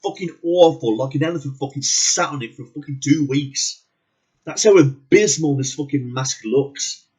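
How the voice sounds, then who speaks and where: A man's voice: mid-range voice, moderate pace, a little mellow, breathy edge, poor audio. A man ranting angrily about a movie as a reviewer, swearing constantly and repeating words for emphasis. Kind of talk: angry profane movie rant.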